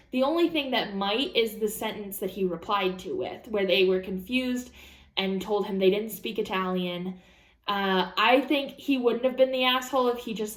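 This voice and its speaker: A woman vlogger reads an online story aloud and reacts to it in casual chat. Her voice sits a little high, and she swears freely and bluntly with animated asides. The room rings with a noticeable echo. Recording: roomy echo.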